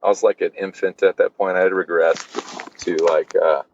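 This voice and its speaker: A man's voice: low voice, level tone, normal speed, vocal fry, muffled recording, a little hiss or hum. A man guesting on a podcast, telling a personal story casually, with lots of fillers and swearing. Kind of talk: candid storytelling.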